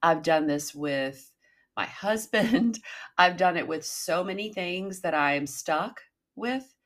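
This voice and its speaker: A woman in her fifties with a notably low-pitched voice hosts a casual self-help podcast. She talks in a candid, chatty way and swears now and then. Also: expressive, slow pace. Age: 50s. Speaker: podcast host.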